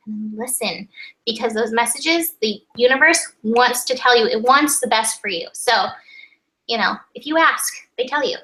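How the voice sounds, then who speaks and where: A woman co-hosting a weekly tarot and astrology reading, chatty and animated, often acting out little quoted voices. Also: sits high, moderate pace, low-quality recording. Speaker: tarot reader co-host.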